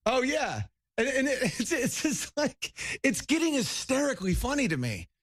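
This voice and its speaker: A man's voice: very high voice, wildly swooping pitch, fairly quick, fairly bright tone, breathy edge. A man who is a comedian, guest on a talk show, chatting loosely with rambling, laughing asides. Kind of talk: casual interview chat.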